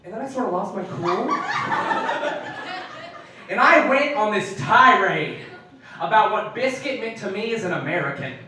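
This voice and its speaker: A young adult man doing a stand-up comedy set on a club stage, animated and building to mock-outraged shouts. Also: high voice, moderate pace, long pauses, a crowd in the background. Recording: echoey club from far off.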